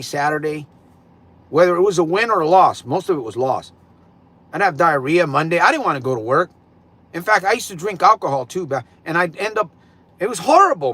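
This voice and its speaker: Animated, bright-voiced man rambling on a livestream. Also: a little high, husky. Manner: rambling, emphatic, repeats himself. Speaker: livestream host. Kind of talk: casual livestream talk.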